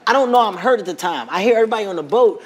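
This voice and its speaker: A man telling an animated, self-mocking anecdote as a talk show guest. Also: sits high, racing, long reverb tail, slight background noise.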